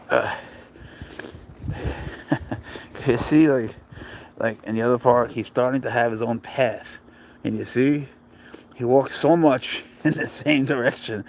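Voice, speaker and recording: A man chatting casually on a live stream, swearing freely, laughing often and slipping into soft baby talk with his pet. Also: medium pitch, gravelly, slight background noise, poor audio.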